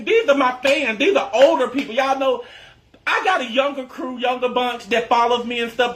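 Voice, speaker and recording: A man's voice: very high voice, fairly bright tone. A man who creates social media content, telling a casual story to his followers in a chatty, emphatic way and addressing them as y'all.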